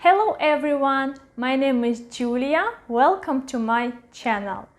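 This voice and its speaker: A woman's voice: sits high, expressive, measured pace. A woman with a Russian accent teaching pronunciation, patiently saying each example word three times. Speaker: language teacher. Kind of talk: pronunciation lesson.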